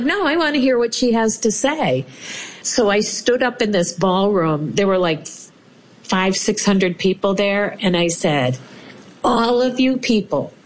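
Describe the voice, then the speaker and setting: A woman's voice: mid-range voice, rough recording. A woman, animatedly telling a personal story and acting out what people said. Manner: animated, acts out quoted voices. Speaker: interviewee telling her story.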